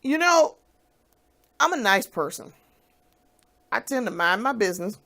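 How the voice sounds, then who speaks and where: A woman speaking straight to her viewers in a venting vlog, her voice sitting a touch high. She is blunt and foul-mouthed, and she drifts between hushed, hesitant musing and loud, fiery outbursts. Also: sing-song, a little slow. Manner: fiery, profane, blunt ranting. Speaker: vlogger.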